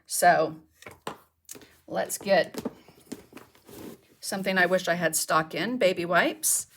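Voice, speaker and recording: A woman's voice: on the low side, slow pace, fairly bright tone. A woman, chatting casually as she demonstrates mixed media art techniques and answers viewers' questions. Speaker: craft instructor. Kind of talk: casual live craft demonstration.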